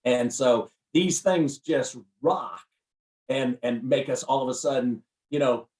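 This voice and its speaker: Energetic motivational man, roomy distant sound. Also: medium pitch, measured pace. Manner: preacher-like, repetitive, emphatic. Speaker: guest, recruiting firm CEO and speaker.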